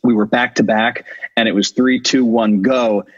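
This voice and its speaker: A young man, a puppeteer, telling an excited, funny story and laughing easily. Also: mid-range voice, normal speed, husky, highs cut off. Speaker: puppeteer mentee. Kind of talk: casual anecdote.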